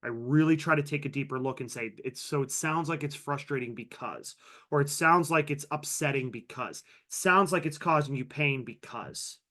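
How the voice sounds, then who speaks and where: A man's voice: mid-range voice, normal speed, bright, forceful tone. A man teaching a live online workshop on a video call, upbeat and conversational, calling out participants by name and sharing personal stories. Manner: upbeat, reads participant names from chat. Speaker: workshop trainer. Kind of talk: live online training session.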